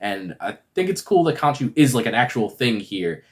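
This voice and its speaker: A man's voice: mid-range voice, sing-song, moderate pace. A man giving a casual, rambling review that recaps a TV episode and is full of fillers. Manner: rambling, filler-heavy retelling. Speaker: video reviewer.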